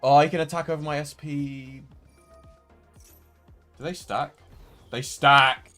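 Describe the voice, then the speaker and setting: A man's voice: fairly high pitch, steady tone, slow pace, bright, forceful tone, faint music behind. A young man streaming a card game live, talking through a loss with frustration and repeating himself. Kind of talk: live gameplay commentary.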